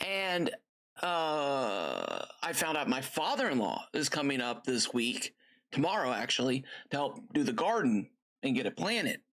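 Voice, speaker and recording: A man's voice: medium pitch, sing-song, measured pace, a bit bright. A middle-aged man hosting a livestream, chatting casually in a rambling, friendly way with many fillers and side stories. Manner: gives friendly step-by-step cooking tips to viewers. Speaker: gaming livestream host. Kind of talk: casual chat.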